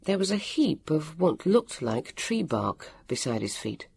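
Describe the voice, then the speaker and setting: A narrator reading a children's adventure story aloud with an expressive delivery. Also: mid-range voice, unhurried, vocal fry, breathy edge, dry recording.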